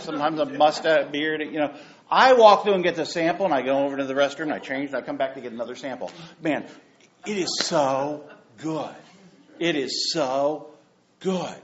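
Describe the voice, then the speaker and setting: Animated preacher man, lively pitch. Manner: animated, joking preacher with repeated phrases. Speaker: pastor. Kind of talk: sermon. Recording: dull lo-fi sound.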